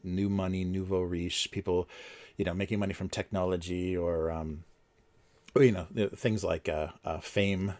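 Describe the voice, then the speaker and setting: Low-voiced man chatting on a livestream. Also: a little mellow. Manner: rambling, many fillers and restarts; chuckles between points. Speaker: livestream host. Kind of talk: casual livestream chat.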